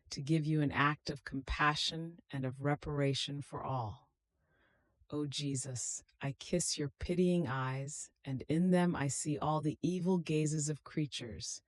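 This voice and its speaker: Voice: mid-range voice, no room sound. Fervent reader of a devotional prayer. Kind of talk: reading a devotional meditation aloud.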